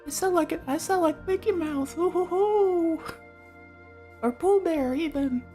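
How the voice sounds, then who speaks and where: A man putting on a cheerful, high cartoon mouse voice in a giggly falsetto with hooting laughs. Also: measured pace, mellow, faint music behind. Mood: goofy, giggly.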